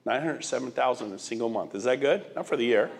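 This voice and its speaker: A middle-aged man speaking at a medium pitch as he gives a motivational talk to an audience. He pushes his points with emphatic rhetorical questions, and he often repeats and restarts words. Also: expressive, fast, vocal fry, noisy background. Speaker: guest speaker.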